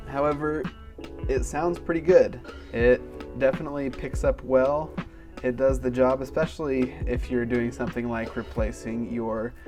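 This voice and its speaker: A male tech reviewer talking through a gadget in a relaxed, unhurried way. His voice sits at an ordinary middle pitch, and he keeps his delivery measured and plain. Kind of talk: casual product review.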